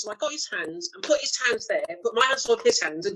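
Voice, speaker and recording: A woman's voice: a little high, sing-song, fast talker, hardly any pauses, fairly bright tone, rough recording. Laughing, bawdy woman telling stories. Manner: bawdy, laughing, chatty storyteller. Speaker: actress guest. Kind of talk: casual anecdotal interview.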